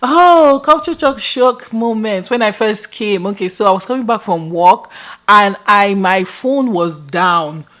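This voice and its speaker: A woman with a Nigerian accent, co-hosting a podcast and telling stories in casual chat, animated and often laughing. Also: medium pitch, unhurried. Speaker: podcast co-host.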